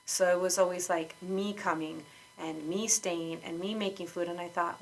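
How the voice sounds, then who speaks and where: A woman's voice: on the low side, steady tone, normal speed, slight background noise, poor audio. A woman guest on a podcast, candidly telling her own story in conversation, outspoken and frank, with lots of fillers and restarts.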